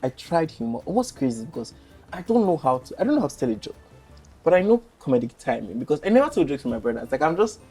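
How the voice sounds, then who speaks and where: Chatty young Nigerian man, mellow voice. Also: on the high side, fast, husky, soft background music. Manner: animated, chatty, laughs easily. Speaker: podcast guest, content creator. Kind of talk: casual storytelling interview.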